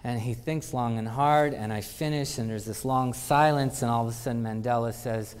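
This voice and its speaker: A man speaking at a conference, spinning lively anecdotes and acting out the people he quotes. His mid-pitched voice carries the long reverb of a big hall. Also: moderate pace, hardly any pauses, smooth. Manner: animated anecdotes with acted-out quotes. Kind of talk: storytelling conference talk.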